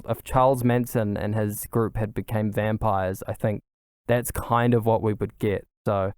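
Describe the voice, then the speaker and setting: A young man chats on his own, eager and rambling, looping back through fillers and restarts. His voice is smooth and clear, recorded close and dry with no room sound around it. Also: medium pitch, a little mellow, no echo. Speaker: podcast host. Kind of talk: casual solo chat.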